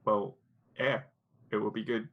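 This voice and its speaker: A man's voice: fairly low pitch, flat delivery, measured pace, narrow, tinny audio. A man playing in a tabletop game, describing his character's actions casually and making jokes. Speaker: player. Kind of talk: casual role-play chat.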